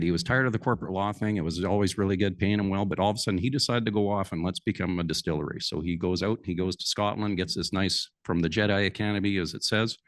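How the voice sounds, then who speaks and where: A man with a fairly low voice tells a folksy story to a lunch crowd. His delivery is lively and homespun. The sound is dry and close, with no room echo. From Alberta, Canada. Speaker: conference speaker. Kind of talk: folksy storytelling to a live audience.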